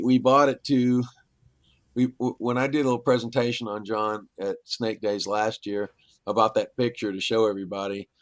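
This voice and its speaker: Middle-aged guy rambling through an old story, kinda low voice, dead dry sound. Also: no echo. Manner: rambling anecdotal telling with quoted dialogue. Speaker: guest. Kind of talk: casual storytelling.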